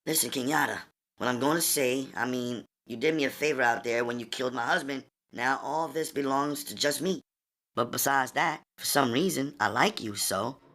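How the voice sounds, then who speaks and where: A man voicing a husky, coolly flirtatious wealthy widow in an audiobook, speaking softly and invitingly. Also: medium pitch, normal speed, voice pushed up, lightly acted. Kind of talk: audiobook character voice.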